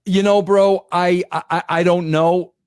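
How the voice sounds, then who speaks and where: A man's voice: sits high, level tone, takes it slowly, a little mellow, clear, resonant tone, no echo. An older man in casual podcast chat, talking emphatically and saying "bro" often with many restarts. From New York. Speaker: podcast guest, former wrestling writer.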